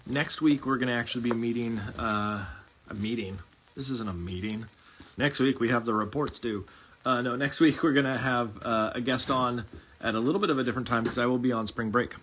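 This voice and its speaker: A Midwestern American man hosts a casual streamed conversation, his voice at an ordinary middle pitch. He rambles, backtracks and jokes as he goes, speaking into a home video-call setup. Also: brisk, a bit bright, slight background noise, poor audio. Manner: rambling, self-correcting, jokey. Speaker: host. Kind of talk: casual livestream chat.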